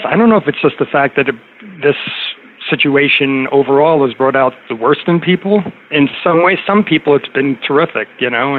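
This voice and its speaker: A middle-aged man telling a story in casual conversation, rambling with many fillers and restarts. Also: mid-range voice. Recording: tinny phone-like line with faint noise.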